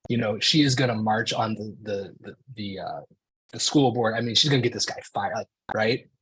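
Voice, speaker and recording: A man's voice: on the low side, brisk, fairly bright tone, breathy edge, rough recording. A man in his forties telling a personal story to an audience in a casual, conversational way, often saying "like" and "right?". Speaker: speaker.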